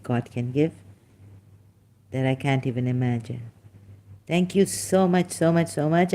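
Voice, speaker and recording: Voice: medium pitch, dark tone. A livestream host effusively thanking a viewer, repeating the thanks, laughing often and slipping into Hindi phrases.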